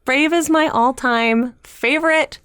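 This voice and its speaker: A woman's voice: high voice, takes it slowly, fairly bright tone, dry recording, studio quality. A woman co-hosting a geek podcast, talking with enthusiasm and laughing often. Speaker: podcast co-host. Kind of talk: casual chat.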